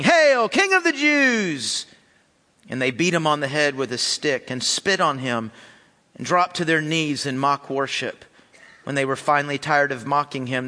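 Earnest pastor in a reverberant hall. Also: male voice, mid-range voice, pushed and bright. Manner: earnest, with repeated phrases. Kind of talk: sermon with scripture reading.

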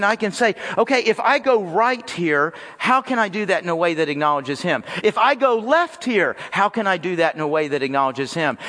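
A man preaching a sermon as pastor, lively and addressing the congregation directly. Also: sits high, big-room sound. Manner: animated preaching, talks straight to the congregation. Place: church sanctuary.

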